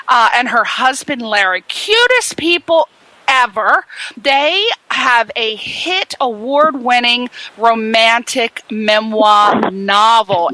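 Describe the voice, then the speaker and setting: A woman's voice: bright, forceful tone, no echo, rough recording. A woman hosting a radio talk show, chatty and jokey, rambling through plugs and introductions. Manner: bubbly, jokey and rambling, with big swoops of pitch. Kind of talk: chatty radio host patter.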